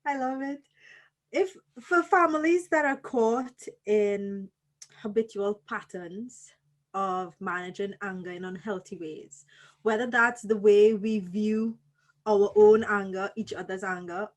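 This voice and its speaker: A woman interviewing a guest, asking long, thoughtful questions in a measured way. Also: mid-range voice.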